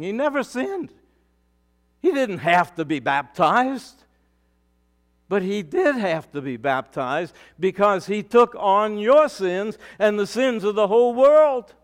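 A male pastor delivering a sermon, preaching with emphatic rises and sudden quiet drops. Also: sits high, clean tone.

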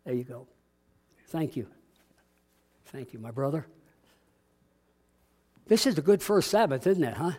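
A man's voice: a little high, lively intonation, takes it slowly, long pauses, darkish tone. A man preaching a conversational sermon, acting out dialogue and drawing responses from the congregation. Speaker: pastor. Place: church sanctuary.

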